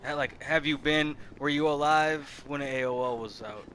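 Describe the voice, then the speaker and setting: A man's voice: on the high side, normal speed, a bit bright, a little hiss or hum. A man in his thirties giving casual gameplay commentary, rambling and swearing freely, often restarting his sentences. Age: 30s. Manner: rambling, profane, self-interrupting. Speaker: gameplay streamer.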